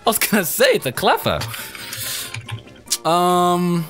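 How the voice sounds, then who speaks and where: Young man, game commentary, crude jokes, lively swooping voice, faint music. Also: high-pitched, slow. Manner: excitable, crude, joking. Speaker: gaming YouTuber. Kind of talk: let's play commentary.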